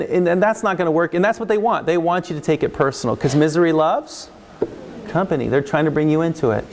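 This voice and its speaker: A man counseling parents and teachers, talking casually and acting out what kids and adults say. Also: sits high. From United States. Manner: animated, acts out kid and adult voices. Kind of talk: instructional talk with acted examples.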